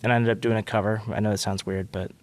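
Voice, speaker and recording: A man's voice: on the low side, quick pace. A young man from Tennessee, a singer guesting on a podcast, telling his story casually and acting out what others said. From Tennessee, USA. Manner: animated storyteller who acts out quotes.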